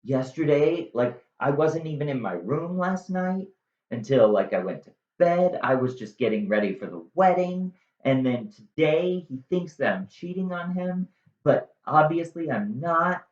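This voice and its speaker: A man's voice: a little high, lively intonation, measured pace, pitched above the performer's own voice. A man voicing a bewildered young bride, defending herself in a flustered way. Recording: dull echoey room recording.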